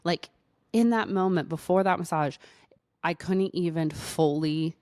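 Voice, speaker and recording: Chatty low-voiced woman doctor. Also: steady tone, a little slow, a little mellow, dry recording, clean studio sound. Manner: chatty, with frequent "like" fillers. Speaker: doctor and podcast host. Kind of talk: casual storytelling monologue.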